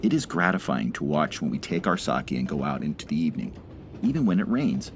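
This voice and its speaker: A man voicing a cheerful, gentle Japanese man in his seventies who chats with delight. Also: very deep voice, very animated, brisk, slight background noise. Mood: cheerful chatting.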